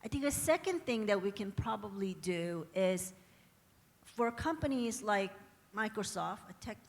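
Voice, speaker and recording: A woman's voice: medium pitch, animated, measured pace. A woman who is a lawyer, speaking as a panelist, articulate and often adding a questioning "right?". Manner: articulate, uses frequent tag "right?". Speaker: panelist, lawyer at a tech company. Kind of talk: panel discussion remarks. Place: conference hall. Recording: reverberant conference hall.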